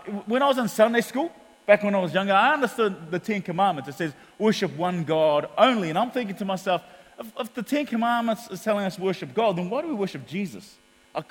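A man with a New Zealand accent preaching a sermon as pastor, animated in his storytelling. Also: high-pitched, long reverb tail. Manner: animated storytelling, acts out quotes.

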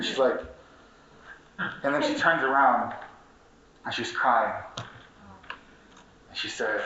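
A young man gives a fiery, profane activist speech to a conference audience, repeating himself and throwing questions at the crowd. His voice sits at an ordinary pitch and comes from a distance in an echoey hall. The recording sounds dull and slightly muffled. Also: takes it slowly, pauses often, bright, forceful tone. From Mexican heritage, Chicago. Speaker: community organizer speaking at a conference.

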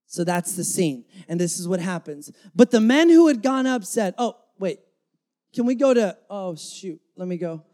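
A man's voice: high-pitched, very animated, normal speed, warm tone. A man preaching a sermon to his church in a dynamic, emphatic style, acting out the lines he quotes. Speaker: pastor. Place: church before a congregation.

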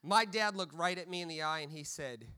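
A man's voice: a little high, a little fast, sharp tone, smooth. A man preaching a sermon, mixing humorous storytelling with stammered repeats.

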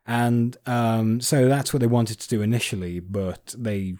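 A man's voice: mid-range voice, steady tone, a little slow, a little mellow, no echo, clean studio sound. A man hosting a casual podcast chat, explaining at length with frequent fillers and restarts. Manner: rambling, many fillers and restarts. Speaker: podcast host.

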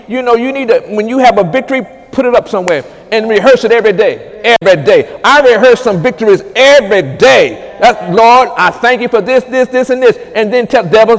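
A man preaching a charismatic sermon as pastor, dropping to low murmurs and rising to high shouted commands. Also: a little fast, in a large hall.

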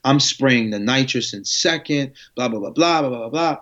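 A man recounts his past in a relaxed interview, jumping into the voices of the people he talks about with lots of slang. His voice sits at a middle pitch. The audio is slightly muffled and lo-fi. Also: normal speed. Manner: animated, acts out dialogue with slang and swearing. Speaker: guest telling his story. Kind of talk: casual storytelling interview.

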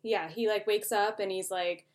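A woman's voice: mid-range voice, fairly even intonation, moderate pace. A young woman co-hosting a casual chat, retelling events in an easygoing way with little asides.

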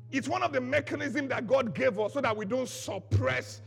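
Pastor, male, very high gravelly voice, preaching with shouted bursts, faint music underneath. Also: moderate pace, hardly any pauses. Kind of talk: sermon.

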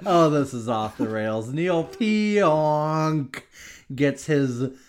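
A man co-hosting a casual sports podcast, jokey and excitable, laughing often as he talks. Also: fairly high pitch, drawn-out words, very noisy. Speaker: podcast co-host.

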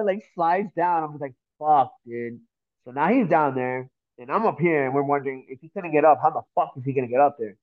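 A man from Miami telling a story in casual talk, animated and swearing often, acting out the voices of the people in it. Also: on the high side, quick pace, narrow, tinny audio. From Miami, Florida. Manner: animated, swears a lot, acts out voices in stories. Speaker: guest.

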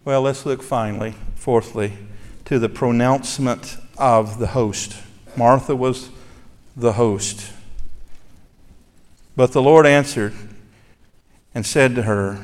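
A man's voice: mid-range voice, fairly even intonation, unhurried, long pauses. A man preaching a sermon as pastor, earnest and conversational, asking his congregation rhetorical questions. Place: church sanctuary. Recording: long reverb of a large church hall.

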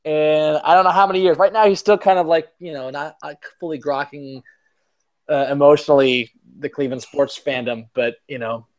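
A man's voice: fairly high pitch, steady tone, a little fast, a little mellow. Rambling, self-mocking man hosting a podcast. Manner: rambling, self-mocking storytelling, swears casually. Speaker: podcast host. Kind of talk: casual chat.

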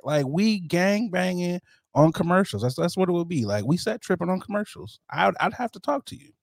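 A man co-hosting a podcast in casual chat, joking and telling animated stories. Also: sits high, normal speed, gravelly, dry recording, studio quality. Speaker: podcast co-host.

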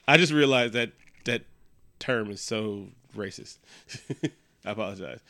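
A man in casual podcast chat, retelling a movie in a lively, profane way and acting out characters' lines. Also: fairly low pitch, slow pace. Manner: animated, profane retelling with quoted character lines and frequent laughs. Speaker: podcast co-host.

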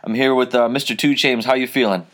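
A man hosting a casual wrestling podcast, telling a long story in a relaxed, rambling way with many fillers. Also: mid-range voice, fast talker. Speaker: podcast host.

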